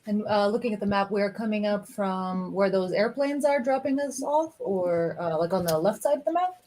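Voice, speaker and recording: A woman with a mid-pitched voice joins a tabletop game as a player. She talks in a chatty, playful way and laughs often. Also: moderate pace, dark tone. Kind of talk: casual chat while playing a tabletop game.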